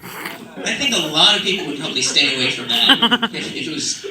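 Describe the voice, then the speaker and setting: Picked up from afar in a roomy space with faint ambience and background noise, this man's stand-up meanders, loaded with fillers, asides, and mock British accents. He speaks at a moderate pace in a sing-song voice on the high side.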